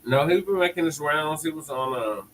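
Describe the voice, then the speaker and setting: A man's voice: fairly high pitch, normal speed, a bit bright, slight background noise, low-quality recording. A man co-hosting a casual political chat, mostly chiming in with short agreeing replies and chuckles. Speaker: co-host.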